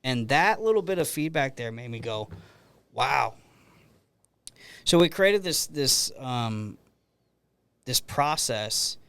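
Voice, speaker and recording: A middle-aged man hosts a podcast and talks in a loose, rambling way, circling back and restarting his sentences. His voice is smooth and resonant, at an ordinary pitch. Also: expressive, slow pace, long pauses, fairly bright tone, no echo. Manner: rambling storyteller with frequent restarts. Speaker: podcast host. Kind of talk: casual conversational interview.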